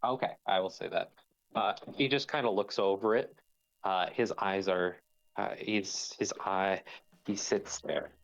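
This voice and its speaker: A man's voice: low voice, measured pace, creaky, lo-fi sound. A man playing in a tabletop role-play game, talking casually and hesitantly in plain words.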